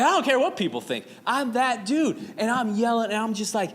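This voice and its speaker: A man in his thirties from Arizona, preaching a sermon as pastor with animated, dramatic storytelling and playful asides. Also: very high voice, moderate pace, few pauses. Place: church sanctuary. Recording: reverberant hall with faint noise.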